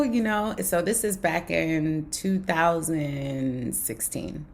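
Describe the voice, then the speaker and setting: Woman, young adult, book club host, low voice, vocal fry, lively storytelling. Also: slow pace, few pauses. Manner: animated, acts out quoted dialogue. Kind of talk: casual storytelling book review.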